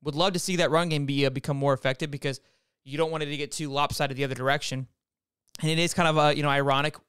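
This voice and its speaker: A man's voice: on the high side, steady tone, quick pace, a bit bright, clear, resonant tone, no room sound, clean studio sound. A man hosting a fan sports show, breaking down a football game in casual commentary that talks straight to viewers, with frequent restarts.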